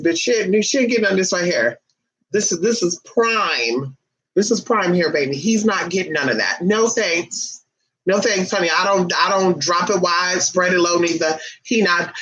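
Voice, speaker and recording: Ranting casually to camera, a vlogger gets sassy, emphatic and profane, addressing listeners as honey and baby. The mid-range voice is a bit bright and slightly rough, captured in a dull lo-fi recording.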